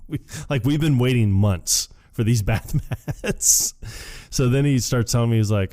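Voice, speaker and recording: A man co-hosting a podcast, casually retelling movie scenes in a rambling way with quick laughs. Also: medium pitch, dark tone. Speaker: podcast co-host. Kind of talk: casual movie recap chat.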